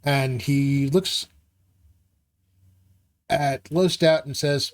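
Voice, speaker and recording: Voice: medium pitch, slow pace, pauses often. Game master narrating with many ums. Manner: rambling narration with many fillers. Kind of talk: narrating a live tabletop game.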